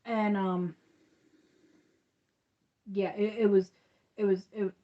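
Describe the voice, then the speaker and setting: A woman's voice: medium pitch, level tone, takes it slowly, dull audio. A woman hosting a crochet channel, chatting casually on a livestream, rambling and restarting with lots of fillers.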